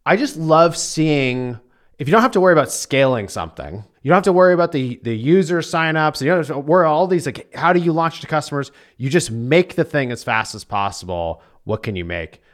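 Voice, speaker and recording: A man's voice: a little high, very animated, brisk. A man co-hosting a podcast, talking in an upbeat, enthusiastic, casual way. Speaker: podcast co-host. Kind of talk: casual chat.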